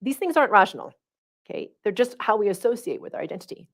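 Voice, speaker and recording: A woman's voice: mid-range voice, very animated, fast talker. A middle-aged woman hosting a livestream, giving a casual teaching talk and often checking in with her listeners. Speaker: spiritual coach hosting a livestream.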